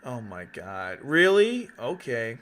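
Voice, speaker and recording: A man's voice: medium pitch, big pitch swings, slow pace, a bit bright. A man hosting casual gaming commentary, exclaiming in frustration as his voice cracks. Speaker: YouTube host.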